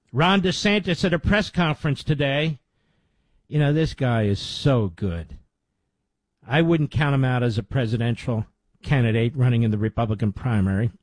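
A man's voice: medium pitch, moderate pace, dry recording. A man hosting a talk radio show, giving emphatic, insistent commentary.

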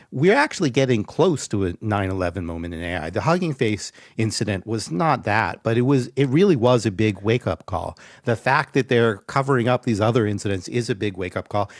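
A man with a lowish voice makes his case in a panel discussion, emphatic and argumentative, filling pauses with ums. The sound is dry and close, with no room around it. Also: lively intonation, no room sound. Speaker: guest expert.

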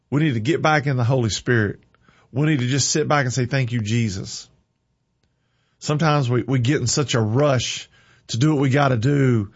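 Husky man preaching with fervor. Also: mid-range voice. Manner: impassioned, rising into sudden preaching bursts. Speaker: host of a worship music show. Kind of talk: fervent preacher-like talk. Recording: dull lo-fi recording.

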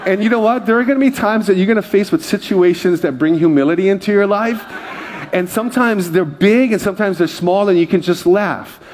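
A man's voice: high-pitched, a little fast, a little mellow, a little hiss or hum. A man pastor preaching a conversational sermon and joking with the congregation.

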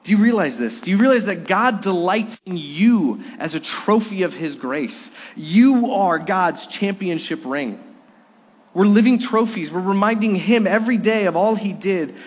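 A man's voice: high voice, expressive, measured pace, slightly rough. A middle-aged man preaching a sermon as a pastor, earnest and conversational, telling stories to make his point. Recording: long reverb of a hall.

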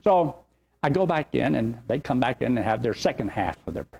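Folksy older pastor, husky. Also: male voice, medium pitch, fairly quick. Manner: folksy, rambling, animated storytelling. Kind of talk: sermon with storytelling.

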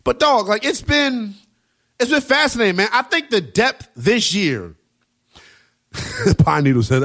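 A man's voice: high-pitched, sing-song, unhurried, long pauses, a bit bright. A man hosting a late-night college football radio show, brash and joking as he runs through scores and takes. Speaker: radio sports host. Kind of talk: sports talk radio. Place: radio studio.

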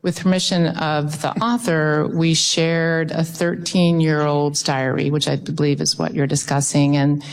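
Woman witness, lowish voice, measured and sing-song under questioning. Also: level tone, rough recording. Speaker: museum official testifying. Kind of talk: congressional hearing testimony.

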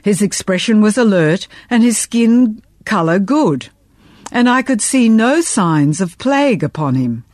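A woman reading a first-person historical novel aloud in measured, expressive audiobook narration. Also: medium pitch, no room sound.

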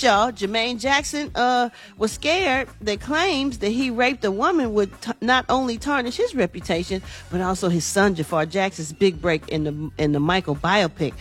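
A woman's voice: mid-range voice, lively intonation, moderate pace, fairly bright tone, slightly rough. A woman hosting a chatty morning radio entertainment segment. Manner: chatty, laughs easily, casual asides. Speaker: entertainment news host.

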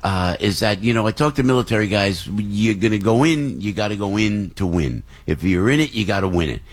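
A man hosting a talk radio show, reading live ads and interviewing guests in an excitable, rambling way in a studio. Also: lowish voice, a little fast. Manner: excitable, rambling, laughs through reads. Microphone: studio microphone.

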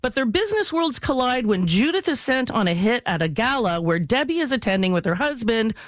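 A woman working as a film and TV critic, giving an enthusiastic, lively radio review in a casual tone. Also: on the high side, brisk, no room sound. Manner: enthusiastic, animated storytelling.

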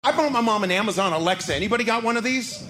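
High-voiced man telling a stand-up story. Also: very fast. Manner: animated, exasperated storytelling. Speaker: stand-up comedian.

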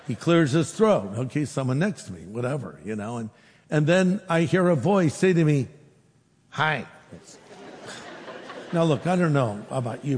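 A man pastor preaching a sermon, telling a story with lively quoted dialogue. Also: mid-range voice, long reverb tail, slight background noise.

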